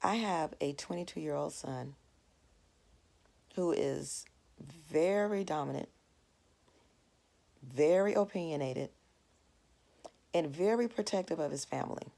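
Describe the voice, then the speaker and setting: A woman in her forties gives a devotional Bible lesson in a low voice with a gravelly grain. She talks in a plain, earnest, conversational way and draws her point out of everyday family life. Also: slow pace, pauses often, warm tone. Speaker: Bible study teacher.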